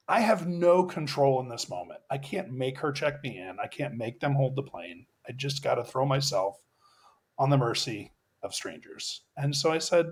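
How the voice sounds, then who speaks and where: A man's voice: medium pitch, big pitch swings, normal speed, breathy edge. Middle-aged male coach as podcast guest; earnest, reflective storyteller with a medium voice and restarts. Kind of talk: personal storytelling in a podcast interview.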